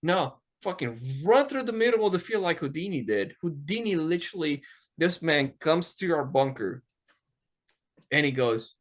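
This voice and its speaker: A man hosts a podcast and tells a story in a loose, casual chat. He talks in an animated way, swears freely and acts out what other people said. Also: fairly high pitch, normal speed. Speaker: podcast host.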